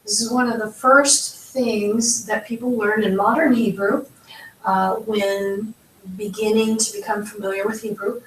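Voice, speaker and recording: Slow, patient woman teaching pronunciation. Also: medium pitch, fairly even intonation, recorded from a distance, a little hiss or hum. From United States. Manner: patient, careful, spells out sounds slowly. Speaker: Hebrew teacher. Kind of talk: slow step-by-step language lesson. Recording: echoey room, voice from off-mic.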